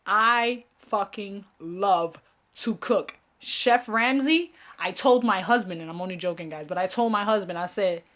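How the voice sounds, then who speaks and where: A young woman from a Caribbean family, raised speaking Spanish, hosts a casual live online show. Her mid-range voice is fairly bright and measured in pace as she chats with viewers, laughing often and swearing freely.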